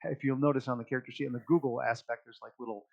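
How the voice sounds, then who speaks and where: A man's voice: medium pitch, racing, vocal fry, dry recording, lo-fi sound. A man acting as game master, casually explaining character creation and rules with lots of fillers and laughs. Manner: relaxed, chatty, many fillers, laughs often.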